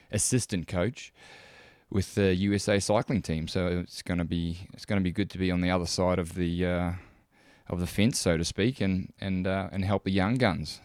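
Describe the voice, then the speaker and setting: Kiwi male podcast host, relaxed chatter, slightly low voice, dry close sound. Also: no room sound. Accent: New Zealand. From New Zealand. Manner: chatty, easygoing, frequent fillers. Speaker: podcast host and cycling coach. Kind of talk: casual podcast chat.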